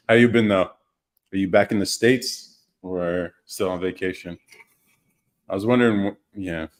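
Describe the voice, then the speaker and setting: A young man with a low-pitched voice hosts a casual live podcast. He rambles through stories, teases viewers and reacts to their comments with easy laughter. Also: a little slow, pauses often. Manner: loose, joking, laughs often, reads out viewer comments. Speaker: podcast host. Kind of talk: casual livestream chat.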